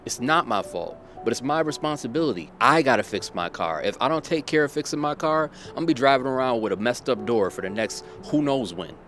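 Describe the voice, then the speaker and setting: A man's voice: medium pitch, animated, fast, hardly any pauses, a bit bright, slight background noise. A man telling a personal story in a motivational monologue, emphatic and repeating his key points to drive them home. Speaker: motivational vlogger.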